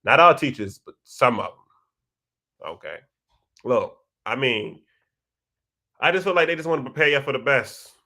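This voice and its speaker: Animated young man chatting with viewers. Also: unhurried, long pauses. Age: young adult. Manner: animated, slangy storytelling with big pitch jumps. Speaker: host of a live chat session. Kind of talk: casual livestream chat, reading viewer comments.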